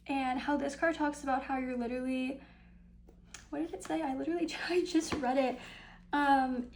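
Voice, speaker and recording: A young woman doing a casual, upbeat tarot card reading, chatty and full of ums and small laughs, with some vocal fry. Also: high-pitched, a little mellow, rough recording. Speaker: tarot reader.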